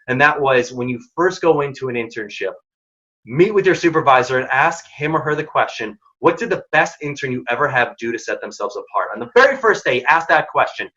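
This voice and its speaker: A man presenting a career workshop, talking in an emphatic, casual, energetic way. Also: medium pitch. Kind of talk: career advice talk. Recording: dull lo-fi recording.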